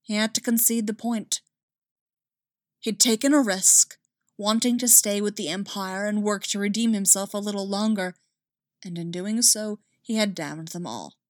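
A woman reads a story aloud in a measured, expressive way, her voice at a middling pitch. The recording is dry and close, with no room around it. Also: dry recording. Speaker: narrator. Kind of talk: audiobook narration of fan fiction.

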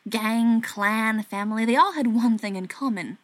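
A woman reading a story aloud in an even, soft narrating voice that sometimes drops to a whisper. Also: fairly high pitch, moderate pace, no echo.

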